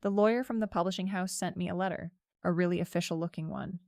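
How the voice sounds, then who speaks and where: A woman's voice: on the low side, fairly even intonation, quick pace, darkish tone, dry recording, studio quality. Chatty young woman narrating her own story. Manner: casual and chatty, peppered with "like". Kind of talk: first-person story narration.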